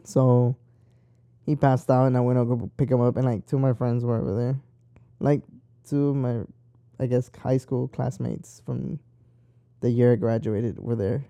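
Gravelly-voiced young man rambling on. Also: medium pitch, steady tone, moderate pace, pauses often, mellow, dry recording, highs cut off. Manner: rambling, profane and talkative. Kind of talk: casual chat.

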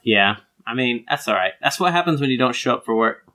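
A young man from Georgia in the United States co-hosts a casual podcast, trading jokes in a laid-back way. His voice is bright and forceful, at a middle pitch. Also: lively intonation, a little fast. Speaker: podcast co-host. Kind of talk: casual banter.

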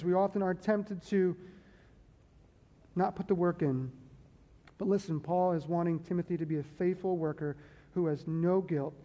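A man's voice: high-pitched, dark tone, muffled recording. A man preaching a sermon to his church in a conversational way, repeating key phrases and checking in with the congregation. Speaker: pastor. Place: church sanctuary. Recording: long hall reverb.

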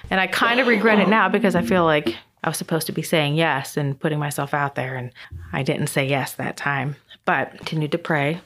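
A middle-aged woman sharing a personal faith testimony in a chatty, emotional way, laughing often. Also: deep voice.

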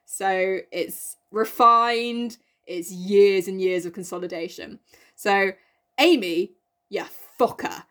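A woman's voice: medium pitch, slow pace, a bit bright. A young woman co-hosting a podcast, casually retelling a novel in a chatty, sweary way. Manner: chatty, sweary, laughs often. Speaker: podcast co-host.

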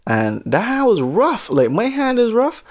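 Animated man telling a comic story. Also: high-pitched, measured pace. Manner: animated, exaggerating, swearing.

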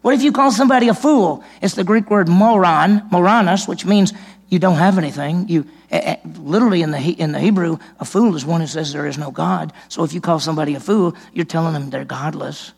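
A man, a senior pastor, preaching a sermon with animated delivery, his voice rising for emphasis and dropping low. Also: fairly quick, vocal fry, breathy edge.

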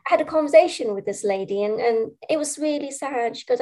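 A woman's voice: high voice, expressive, brisk, dark tone. A middle-aged woman, a speech practitioner and parent, talking earnestly in an interview, often repeating words and saying "you know". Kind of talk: conversational interview.

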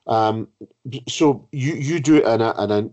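A man's voice: medium pitch, moderate pace, a little mellow. A man telling a rambling anecdote as a podcast host, often repeating words as he searches for them. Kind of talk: conversational anecdote. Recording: dull lo-fi sound.

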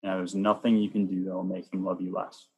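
A man who works as a Catholic youth minister, telling personal stories earnestly in a chatty way, sometimes rushing with excitement. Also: low-pitched, husky, dull audio. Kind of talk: personal storytelling in an interview.

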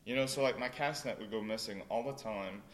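Low-voiced man from Louisiana telling stories. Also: fairly quick. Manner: animated, laughing storyteller with many fillers. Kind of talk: casual storytelling chat.

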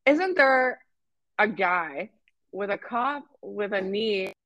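A woman's voice: mid-range voice, lively intonation, slow, fairly bright tone, no echo, lo-fi sound. A young Canadian woman with a Canadian accent, telling a story on a podcast in casual chat, swearing, laughing and acting out quotes. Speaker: podcast co-host.

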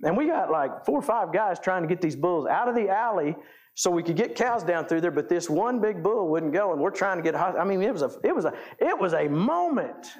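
Country preacher guy telling stories in his sermon, kinda high voice, gets all fired up in the retelling. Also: fairly quick. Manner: folksy storytelling, animated when recounting. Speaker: pastor. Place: church sanctuary.

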